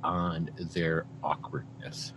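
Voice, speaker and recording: A man's voice: extremely low pitch, level tone, takes it slowly, fairly bright tone, slight background noise. A man playing a tabletop game, talking casually and plainly. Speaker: player.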